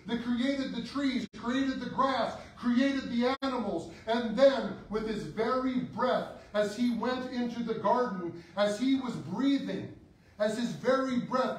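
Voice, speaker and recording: Man, priest, sermon, high voice, slow dramatic delivery, heavy church echo, distant mic. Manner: slow, dramatic preaching with sudden rises and drops. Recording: echoey church, voice from far off.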